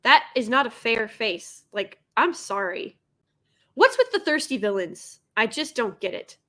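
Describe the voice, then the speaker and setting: Young woman streamer, sarcastic reaction commentary, fairly high and bright-toned voice. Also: sing-song, unhurried. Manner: sarcastic, exasperated critique.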